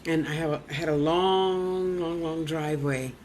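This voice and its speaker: A woman's voice: deep voice, normal speed, slight background noise. A woman vlogger and spiritual teacher telling a personal testimony in a chatty way. She acts out other people's lines, drops into whispers and fills her talk with "you know" asides. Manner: animated, acts out quoted voices and drops to a whisper. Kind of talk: casual storytelling testimony.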